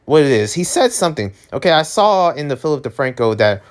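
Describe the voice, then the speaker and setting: A man's voice: on the high side, big pitch swings, fairly quick. Rambling casual young man vlogging. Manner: rambling, filler-heavy, conversational.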